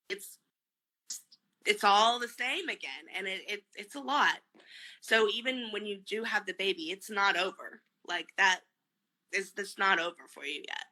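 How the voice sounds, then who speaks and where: A woman guest on a video call, talking openly and close to tears, with many pauses and fillers. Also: medium pitch, sharp tone, rough recording. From family from Mexico. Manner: tearful, candid, trailing off with many fillers. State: close to crying. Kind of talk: emotional personal interview.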